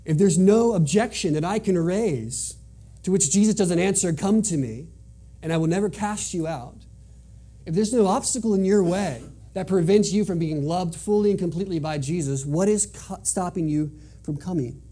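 A man's voice: sits high, normal speed, mellow, husky. A man preaching a sermon in an earnest, emphatic way, driving points home by repeating them. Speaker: pastor.

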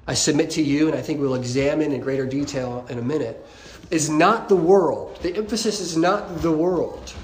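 A man's voice: fairly high pitch, a little mellow, reverberant. A man preaching a sermon, earnest and emphatic, repeating his key points. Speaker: pastor.

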